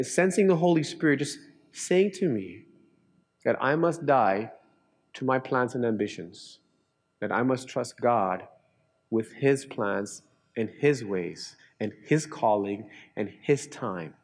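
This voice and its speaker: Speaking slowly, a middle-aged man who pastors in Canada delivers an earnest sermon, moving between animated storytelling and hushed, low-voiced emphasis.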